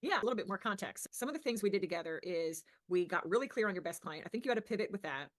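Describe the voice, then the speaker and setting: A woman's voice: mid-range voice, expressive, rapid-fire. A woman business coach hosting an interview. She asks encouraging, leading questions of her client.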